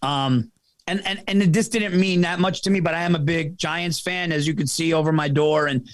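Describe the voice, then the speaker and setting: Animated comedian man telling a story. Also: fairly high pitch, moderate pace, dry recording. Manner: animated, laughing, swearing, self-mocking. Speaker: comedian host. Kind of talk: casual storytelling chat.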